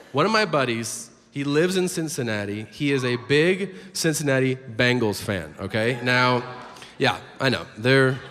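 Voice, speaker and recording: Slow, dry man comedian in a big hall. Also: medium pitch, a bit bright. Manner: dry, measured delivery with long pauses. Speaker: stand-up comedian. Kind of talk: stand-up comedy. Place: large theater stage before a live audience. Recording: reverberant hall with crowd noise.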